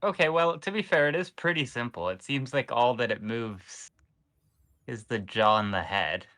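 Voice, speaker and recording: Dude on a group call, dry deliberate jokes, mid pitched. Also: male voice, pushed and bright. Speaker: co-host. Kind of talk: casual group chat.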